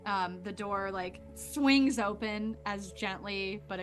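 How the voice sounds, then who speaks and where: A woman narrates a tabletop role-playing game at an easy pace. She talks loosely, with plenty of fillers and pauses. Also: mid-range voice, soft background music. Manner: casual, filler-heavy narration. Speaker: game master.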